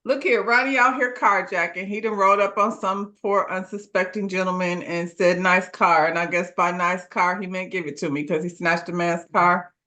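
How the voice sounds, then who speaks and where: A woman's voice: on the low side, steady tone, moderate pace, hardly any pauses, pushed and bright. A woman co-hosting a casual show, recapping a TV episode in slangy, laugh-filled storytelling and acting out the characters' lines. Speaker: podcast co-host reviewing a TV episode.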